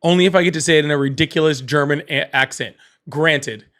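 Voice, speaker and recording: A man's voice: fairly high pitch, brisk, fairly bright tone. A man hosting a casual livestream, rambling, repeating himself and laughing often. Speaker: livestream host.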